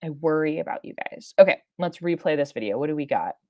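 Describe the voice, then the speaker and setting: Low-voiced woman rambling on a live stream. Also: animated, fast talker, dry recording, dull audio. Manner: rambling, many fillers and self-interruptions; chatty, laughs often. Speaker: science streamer. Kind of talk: live-stream reaction chat.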